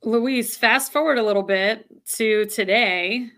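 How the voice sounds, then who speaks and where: A woman's voice: on the high side, measured pace, a bit bright. A woman co-hosting an interview podcast, asking casual questions in a friendly, playful way. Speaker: podcast co-host.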